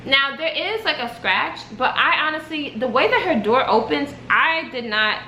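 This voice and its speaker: A young woman vlogger telling a story casually, with animated, dramatic delivery. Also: high-pitched, normal speed, reverberant, slight background noise, poor audio.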